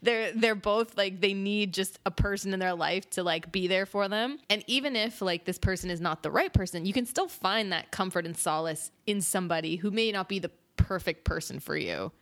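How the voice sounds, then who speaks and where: A woman's voice: mid-range voice, normal speed, few pauses, a bit bright. A woman co-hosting a casual music chat, chatty and blunt with her opinions. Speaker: podcast co-host.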